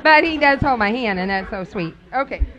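A middle-aged woman speaking casually to a group, telling stories with frequent laughter and acting out quotes in sudden high squeals. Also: lively intonation, a little fast, fairly bright tone. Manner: laughs often while talking. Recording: dull lo-fi recording.

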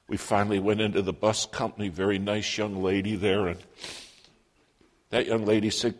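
A man with a low, steady voice tells a story from the pulpit. His speech rings with the long reverb of a large hall. He quotes other people in his own voice. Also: moderate pace. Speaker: preacher telling a personal story. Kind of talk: sermon storytelling.

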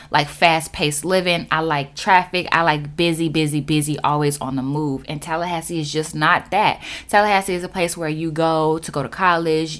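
A young woman from Florida talks straight to her viewers in a relaxed, lively vlog. Her voice sits a little low for a woman, and she keeps calling out to her audience as she goes. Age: 20s. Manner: animated, chatty, addresses viewers as y'all. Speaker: vlogger. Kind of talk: casual chat to camera.

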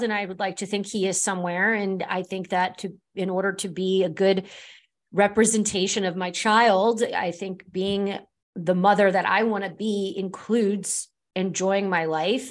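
Woman podcast host, casual, laughs easily, mid pitch. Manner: warm, laughs easily, reflective. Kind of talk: casual chat.

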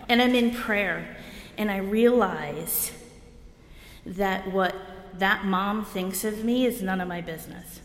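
Her medium-pitched voice comes slowly, with long pauses, as this New Jersey woman gives a candid share at a recovery meeting. She's blunt, wry and self-deprecating, laughing in bursts, and the hall around her echoes with long reverb.

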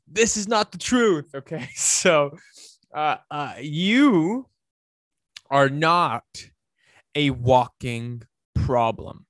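A man, a fitness coach, giving an emphatic, preachy motivational talk that swings between loud and hushed. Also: mid-range voice, dry recording, clean studio sound.

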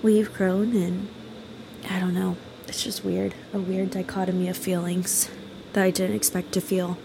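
A woman's voice: lowish voice, level tone, moderate pace, vocal fry, noisy background. A young woman co-hosting a casual podcast, tearful, reflective and hesitant with many fillers. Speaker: podcast co-host.

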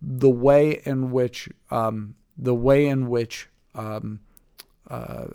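A man hosting a casual Bible study podcast, his voice sitting at an ordinary middle pitch. He reads scripture, then thinks aloud with fillers and restarts. The recording is dry and close, with no room sound. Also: fairly even intonation, very slow, gravelly, mellow, clean tone, dry recording. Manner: thoughtful, with many fillers and restarts. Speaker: podcast host.

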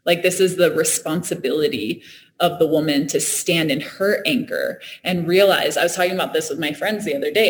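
A woman's voice: low voice, brisk, slight background noise. A woman talking in a reflective, earnest way, often laughing and restarting her sentences. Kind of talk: reflective casual conversation.

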